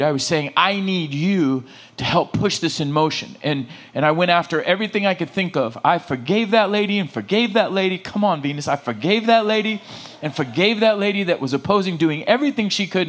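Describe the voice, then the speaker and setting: A male pastor preaching a sermon, telling personal stories with animated acted-out dialogue and frequent calls to the congregation. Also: a little high. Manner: animated storytelling, acting out dialogue. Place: church.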